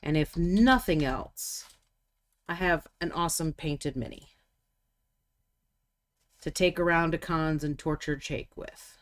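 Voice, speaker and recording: A woman hosts a live miniature painting stream, chatting casually and thinking aloud while she works. She has a low voice, speaks slowly and leaves long pauses.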